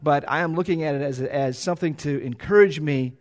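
A middle-aged man preaching, reading scripture and then talking plainly with many restarts. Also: fairly high pitch. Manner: plain, halting, self-deprecating with many restarts. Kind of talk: Bible reading then casual sermon.

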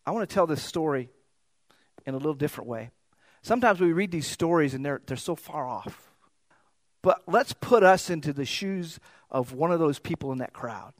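A man's voice: a little high, expressive, normal speed, no room sound. A man preaching a sermon in a conversational, storytelling way, often repeating words as he searches for them.

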